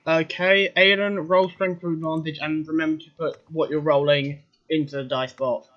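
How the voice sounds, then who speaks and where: A man's voice: fairly high pitch, flat delivery, normal speed, muffled recording, a little hiss or hum. A man running a tabletop game as game master, with a firm, matter-of-fact manner. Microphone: online voice chat.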